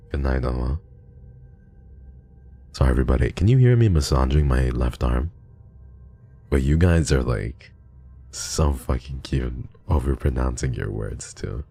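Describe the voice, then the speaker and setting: A male streamer who is unwell, chatting casually on a livestream while reading donations, soft and drowsy in tone, often trailing off. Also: very deep voice, lively intonation, unhurried, creaky, pauses often, slightly rough, faint music behind.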